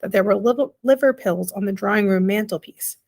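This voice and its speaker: A woman voicing a weary, slow-spoken tiny father in a storybook reading, with plain rustic grammar. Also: mid-range voice, darkish tone, natural voice.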